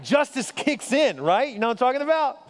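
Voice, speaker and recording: A male pastor with a very high voice tells stories from the pulpit and keeps asking his listeners questions. His speech is conversational. It rings out with a long reverb, as in a large church hall. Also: very animated, a little fast. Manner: storytelling, conversational, asks the crowd questions. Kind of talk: sermon.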